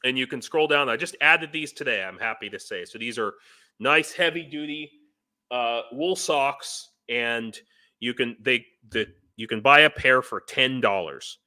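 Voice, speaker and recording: Bright-voiced American man, rambling. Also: mid-range voice, unhurried. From United States. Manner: rambling, chuckling between points. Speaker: guest, foreign volunteer in Ukraine. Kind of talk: casual live-stream conversation.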